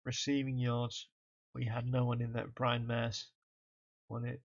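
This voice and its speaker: A man's voice: medium pitch, completely flat delivery, measured pace, gravelly, muffled recording. A tired man, casually commenting on a college football game stream as he reads through the stats. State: tired, yawning. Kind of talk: casual let's-play commentary.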